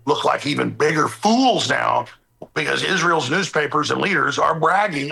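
Gravelly, sarcastic male commentator. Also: fairly high pitch, expressive, normal speed, bright, forceful tone, low-quality recording. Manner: sarcastic, emphatic, indignant. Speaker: political commentator. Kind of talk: played clip of sarcastic political commentary.

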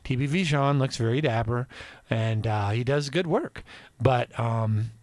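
A man hosting a podcast, giving casual news commentary in an animated, digressive way and laughing often. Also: mid-range voice, unhurried, no room sound. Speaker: podcast host.

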